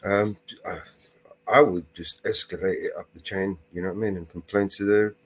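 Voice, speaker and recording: A man's voice: sits low, fairly even intonation, moderate pace. A man hosting a live stream panel, chatting casually, laughing often and rambling through stories.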